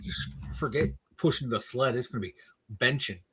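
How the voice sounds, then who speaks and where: A man's voice: mid-range voice, moderate pace, bright, forceful tone, breathy edge, dry recording. A man co-hosting a casual live stream, joking and poking fun at himself. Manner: joking, self-mocking. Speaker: podcast co-host.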